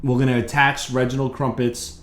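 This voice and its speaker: A man hosting a podcast, calmly explaining a word game step by step in casual chat. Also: mid-range voice, normal speed. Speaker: podcast host. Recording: echoey room.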